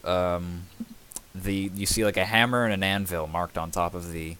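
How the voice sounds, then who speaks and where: A man's voice: low voice, steady tone, moderate pace, sharp tone, a little hiss or hum. A man narrating as game master, rambling with many fillers.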